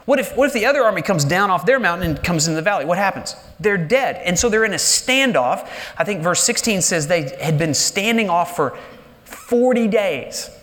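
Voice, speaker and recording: Male pastor preaching live, high-pitched and lively, dips low and slow for emphasis, church hall reverb. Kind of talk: sermon. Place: large church sanctuary.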